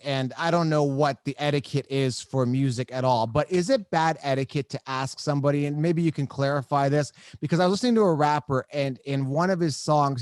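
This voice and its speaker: A man's voice: on the high side, dry recording, clean studio sound. A man hosting a podcast, talking casually and joking, with lots of "like" and "right?". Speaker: podcast host. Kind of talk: casual interview chat. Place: home podcast studio.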